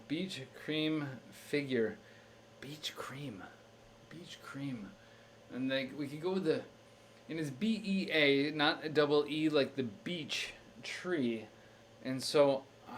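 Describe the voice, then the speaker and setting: A man's voice: mid-range voice, a little hiss or hum. A young man on a live stream, thinking aloud through a crossword with many fillers and restarts. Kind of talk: casual live-stream chat.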